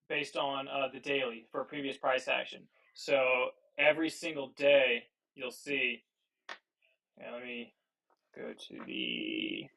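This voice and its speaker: Casual, profane and loose, this livestream trading host muses aloud with plenty of fillers while commenting on the market in a medium-pitched voice that sounds pushed and bright. The recording comes through wireless earbuds, distant and thin.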